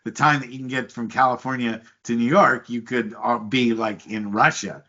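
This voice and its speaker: A man's voice: medium pitch, fairly even intonation, normal speed, pushed and bright, lo-fi sound. A man from the United States hosting a podcast, talking at length, repeating words and winding up long questions for his guest. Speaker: podcast host. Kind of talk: casual interview chat.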